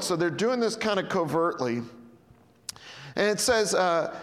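A male pastor preaching a sermon in a church hall, animated and swinging between loud and hushed. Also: sits high, a little slow. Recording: echoey hall with long reverb.

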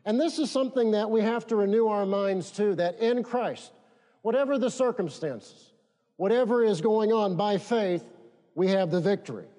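A man's voice: high voice, normal speed, warm tone, big-room sound. A man preaching a sermon, leading the congregation to repeat phrases after him. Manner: emphatic, leads congregation in call-and-response. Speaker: pastor.

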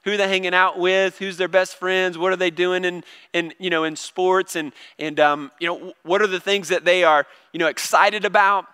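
A man's voice: high voice, level tone, moderate pace, few pauses, sharp tone, smooth. A middle-aged man preaching a sermon to a congregation, telling stories about his own kids in a conversational, self-deprecating way with many restarts. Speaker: pastor. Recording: long reverb of a large hall.

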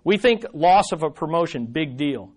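A man preaching a sermon to his congregation, moving from loud emphasis to quiet, earnest asides and asking the listeners rhetorical questions. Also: fairly high pitch, animated, moderate pace. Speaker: pastor.

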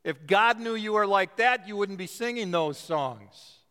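A male pastor with a high, sharp, clean-toned, expressive voice preaches a sermon in a church sanctuary. He's emphatic, stretching out key words to stress them, and the recording carries a long church reverb.

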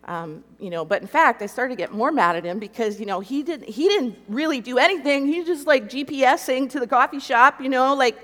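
This woman's voice sits high and a touch bright, and she talks a little fast with few pauses. Before an audience, she recounts an emotional personal story in animated fashion, acting out its voices, while hall reverb echoes around her.

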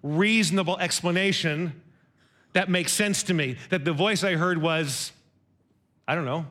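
A middle-aged man with a high, light voice gives a sermon as a personal story. He talks conversationally and pokes fun at himself. He slips into the voices of the people he quotes. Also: a little slow. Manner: conversational, self-deprecating, animated retelling with quoted dialogue. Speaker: preacher.

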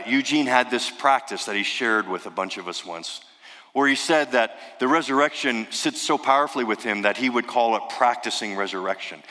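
A man's voice: medium pitch, sharp tone. A male pastor giving an earnest sermon in a church sanctuary, piling up emphatic lists and rhetorical questions. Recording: reverberant church hall.

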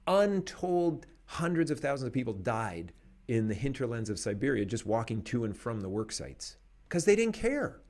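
Animated man talking with lively pitch. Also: normal speed. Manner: animated, emphatic, laughs between points. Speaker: podcast host. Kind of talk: conversational commentary.

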